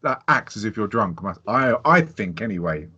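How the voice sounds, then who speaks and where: A man co-hosting a podcast, chatting casually about a film, animated and laughing, swearing freely. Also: lowish voice, normal speed, slightly rough. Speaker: podcast co-host. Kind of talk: casual film review chat. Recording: dull lo-fi sound.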